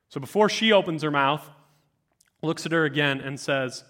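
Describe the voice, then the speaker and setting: A man in his twenties giving a youth sermon, telling stories to high schoolers with lots of fillers and animated asides. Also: fairly quick. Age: 20s. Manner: animated storytelling, many fillers. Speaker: youth speaker.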